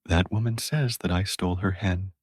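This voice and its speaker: A man's voice: low-pitched, fairly even intonation, moderate pace, a little mellow, husky, dry recording, clean studio sound. A man reading a storybook and voicing a proud young boy who insists that he is the king.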